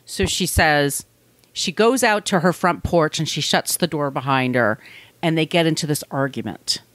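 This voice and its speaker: A woman's voice: deep voice, normal speed, fairly bright tone, dry recording. A woman co-hosting a podcast, telling a true crime story in a blunt, conversational way. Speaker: podcast co-host.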